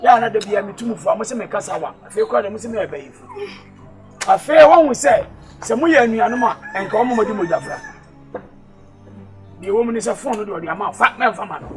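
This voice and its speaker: A Ghanaian-accented elder scolds in a rapid, mid-pitched voice, as an actor plays the part in a comedy skit. Faint music sits behind the lecture. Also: distant mic, close to an everyday voice. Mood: scolding.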